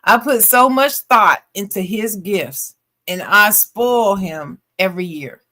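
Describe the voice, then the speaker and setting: Lady co-host reading a fan letter out loud, bright voice, lots of feeling, jumps in with her own quick asides. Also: mid-range voice. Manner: expressive reading, breaks off for slangy reactions. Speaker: podcast co-host. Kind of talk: reading a listener letter aloud with casual asides.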